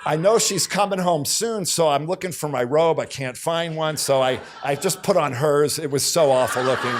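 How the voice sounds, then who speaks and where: A man's voice: on the high side, noisy background. A middle-aged man giving a motivational keynote on a conference stage, telling stories and acting out bits of dialogue. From United States. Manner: storytelling, acts out dialogue, repeats catchphrases. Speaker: keynote speaker.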